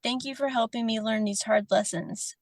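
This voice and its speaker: A woman's voice: fairly high pitch, moderate pace, no echo. A woman reading aloud a tender personal letter as a podcast guest, emotional and often laughing, then chatting casually.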